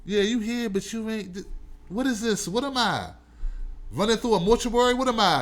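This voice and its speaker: Animated high-voiced male stream host. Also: normal speed. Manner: loud, animated, preachy joking asides to viewers. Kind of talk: casual live-stream talk to a chat.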